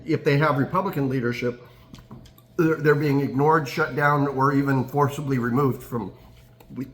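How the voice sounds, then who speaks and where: A man co-hosting a casual political chat, speaking in a measured way with fillers and turning sarcastic. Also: mid-range voice, steady tone, a bit bright, slight background noise. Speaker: podcast co-host.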